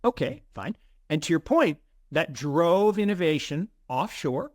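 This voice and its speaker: A middle-aged man co-hosting an investing show, chatting in an animated way with many restarts and repeated words. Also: on the high side, a little slow, no room sound, studio quality. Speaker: co-host of a crypto investing show. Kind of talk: casual conversational commentary.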